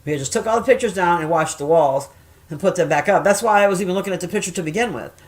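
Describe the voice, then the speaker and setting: A middle-aged woman chatting casually and telling stories, swearing often and jumping loud when she acts out quoted voices. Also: fairly low pitch, racing. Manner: profane, animated, acts out quoted voices loudly. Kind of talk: casual storytelling chat.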